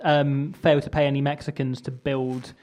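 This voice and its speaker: A man's voice: mid-range voice, level tone, moderate pace, darkish tone. A young man hosting a live comedy show, rambling and self-mocking as he sets up a game. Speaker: comedy podcast host.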